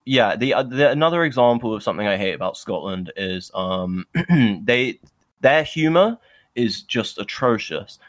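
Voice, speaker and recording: A man's voice: mid-range voice, lively intonation, normal speed, dry recording. A young British man co-hosting a podcast, chatting casually and ranting in an opinionated, sardonic, rambling way. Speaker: podcast co-host. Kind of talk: casual chat.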